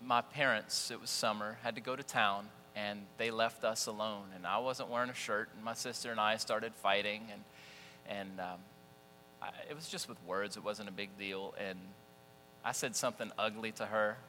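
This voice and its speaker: A man delivers a sermon, mixing scripture with lively, self-deprecating stories. His voice is bright and forward. The sound rings with long reverb from a church hall, over a faint mains hum. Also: lowish voice, moderate pace. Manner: animated storytelling, folksy and self-deprecating. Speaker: preacher.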